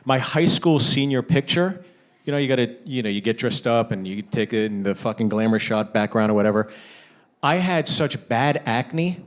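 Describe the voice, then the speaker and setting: A man's voice: mid-range voice, lively intonation, normal speed. A male comedian co-hosting a podcast, telling wry jokes and acting out voices in casual chat. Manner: wry, jokey, acts out voices.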